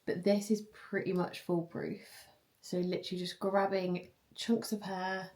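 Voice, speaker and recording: A young woman chatting casually in a vlog, giggly and quick to get excited. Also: medium pitch, roomy sound. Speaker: vlogger and personal trainer.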